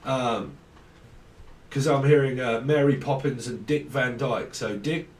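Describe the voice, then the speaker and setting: Male tarot reader, rambling and giggly, mid pitch, echoey room, distant mic. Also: unhurried, a little mellow. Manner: rambling, free-associating, laughs often. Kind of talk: casual tarot channelling.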